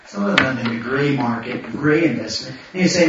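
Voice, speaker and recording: A man teaching a Torah class, animated, telling stories and bursting into shouts. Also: medium pitch, fairly quick, recorded from a distance, a little hiss or hum. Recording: muffled echoey hall from afar.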